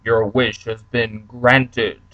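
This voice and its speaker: A man voicing a solemn genie who grants wishes slowly. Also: mid-range voice, level tone, dull audio.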